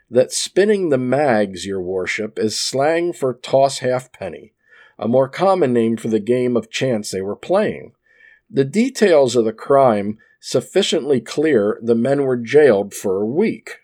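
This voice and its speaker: Speaking into a desk microphone, a man with a dark, mid-range voice reads an article aloud in a relaxed manner. He often drifts into rambling asides and is full of "uh"s and restarts.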